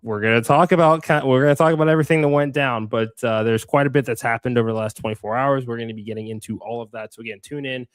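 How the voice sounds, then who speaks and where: A man's voice: mid-range voice, steady tone, fast talker, few pauses, clear, resonant tone, no room sound. A man co-hosting a wrestling podcast, chatting casually and energetically with lots of fillers and the odd swear word. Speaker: podcast co-host.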